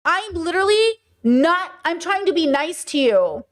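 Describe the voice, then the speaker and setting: A woman streaming live, talking casually to her viewers in an animated, sarcastic way. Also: very high-pitched, moderate pace. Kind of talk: casual livestream chat.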